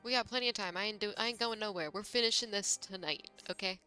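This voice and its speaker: A woman's voice: mid-range voice, fast, bright, forceful tone, soft background music. A young woman streaming a game, chatting casually and teasing the characters on screen. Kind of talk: casual gameplay commentary.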